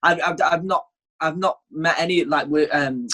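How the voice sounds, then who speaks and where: Husky high-voiced man. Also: moderate pace, sharp tone. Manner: chatty, self-deprecating, loose swearing. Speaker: podcast co-host. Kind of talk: casual podcast chat.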